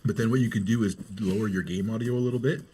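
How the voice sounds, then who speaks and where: Deep-voiced man explaining patiently. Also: fairly even intonation, racing, mellow, slight background noise. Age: older than the host. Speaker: friend on a voice call. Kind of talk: casual chat.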